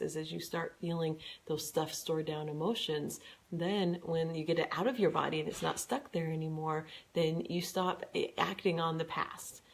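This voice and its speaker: Woman w/ low gravelly voice, podcast co-host, earnest advice chat. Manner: earnest, animated when acting out quoted speech. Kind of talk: conversational relationship advice.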